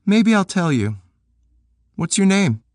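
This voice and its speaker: A man's voice: high voice, sing-song, slow, a little mellow, dry recording, studio quality, voice pushed up, heavily acted. A man voicing a blunt, sassy young woman who swears freely and teases, in an audiobook. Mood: brash. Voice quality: brash, swearing, teasing.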